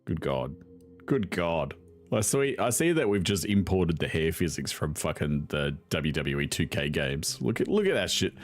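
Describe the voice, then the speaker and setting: A man's voice: extremely low pitch, very animated, moderate pace. A young man commentating on a video game in a casual, sarcastic way, swearing freely and laughing often. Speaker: gaming video host.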